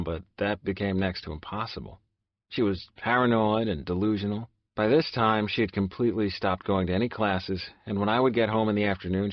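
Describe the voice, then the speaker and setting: A man's voice: low voice, dry recording, muffled recording. A man narrating a first-person audiobook in a subdued, confessional way.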